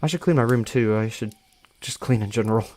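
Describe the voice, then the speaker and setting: A man's voice: lowish voice, brisk, darkish tone, close to an everyday voice. Man reading as a tired young woman. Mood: offhand.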